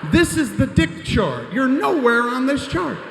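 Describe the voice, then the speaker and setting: A man putting on an indignant male border officer who shouts in a shrill, mocking voice. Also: sing-song, a little slow, vocal fry, echoey room, long reverb tail, background noise, heavily acted.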